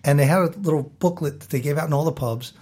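A middle-aged American man from Baltimore, telling a lively story as an interview guest and acting out the people he quotes. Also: on the high side, fast talker. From South Baltimore, USA. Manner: animated storyteller who acts out quoted voices.

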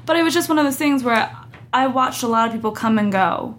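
A young adult woman chatting as an interview guest, animated, acting out quoted voices as she tells her story. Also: a little high, a little fast. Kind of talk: casual interview chat.

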